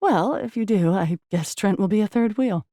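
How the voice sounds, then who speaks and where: A woman narrator voicing a brisk, demanding ex-wife in an audiobook, her tone clipped and unsympathetic. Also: mid-range voice, dark tone, no room sound, studio quality, pitched above the performer's own voice, lightly acted.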